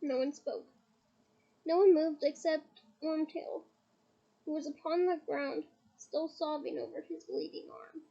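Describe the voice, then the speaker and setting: Slow, high-voiced woman reading aloud. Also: fairly even intonation, warm tone, dull audio. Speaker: reader. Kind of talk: audiobook reading.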